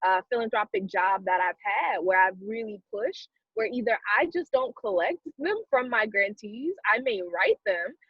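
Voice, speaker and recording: A woman with a Southern US accent talks through an interview in a thoughtful, measured way, pausing on soft fillers. Her voice sits at a middling pitch and comes through a video call. The sound is dry and a little dull, like a lo-fi recording. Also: animated, slightly rough, dry recording. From South Carolina, US. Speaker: philanthropy guest. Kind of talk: earnest conversational interview.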